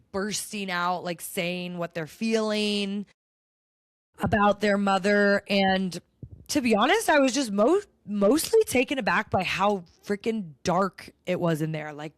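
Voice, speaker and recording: A woman's voice: medium pitch, unhurried, no echo. A young woman hosting a podcast, telling a personal story in a chatty, heartfelt way with many likes and restarts. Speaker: podcast host.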